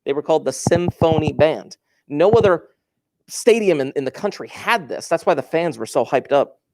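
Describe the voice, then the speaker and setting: A male teacher with a higher-pitched, expressive voice gives a casual, digressive classroom lesson at a moderate pace, telling stories and asking students questions. He moves about the room as he talks, and there's background noise in the recording.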